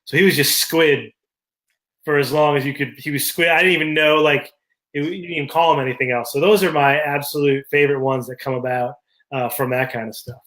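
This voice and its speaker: A man's voice: fairly high pitch, fairly even intonation, brisk, a bit bright. A man co-hosting a casual show, telling rambling anecdotes with many fillers. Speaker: podcast co-host. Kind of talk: casual chat.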